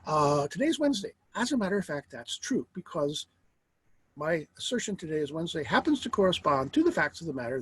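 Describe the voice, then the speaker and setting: A middle-aged man teaching a philosophy lecture in a wry, lively way, asking rhetorical questions. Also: mid-range voice, husky, rough recording.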